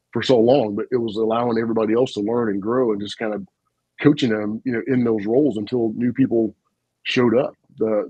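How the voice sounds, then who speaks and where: Fast-talking muffled storytelling man. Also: on the low side, husky, dry recording. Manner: animated, folksy storyteller with frequent asides and laughs. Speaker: retired army officer guest. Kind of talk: casual storytelling on a podcast.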